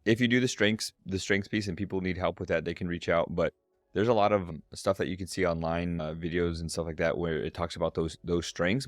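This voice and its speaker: A deep, low-pitched middle-aged man telling a story as a podcast guest. He is animated and slips into other voices when he quotes people. The sound is dry and close, with faint music underneath. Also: dry recording. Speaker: guest, strengths coach.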